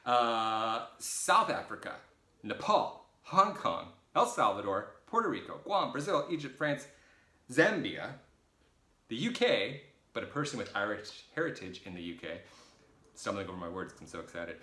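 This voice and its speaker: A middle-aged man from the United States talks through a viewer Q&A in a loose, rambling way. His voice is bright and forward, with a lively pitch that swings around, and he makes jokey, self-deprecating asides. The room around him is echoey. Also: brisk. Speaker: vlogger answering viewer questions. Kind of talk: casual rambling Q&A. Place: his boyfriend's home.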